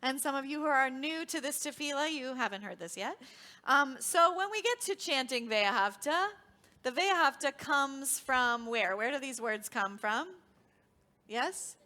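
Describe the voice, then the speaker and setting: Unhurried yet animated, a woman with a high, bright, forceful voice guides children through a worship service in a synagogue sanctuary. As song leader, she happily asks them questions and teaches as she goes.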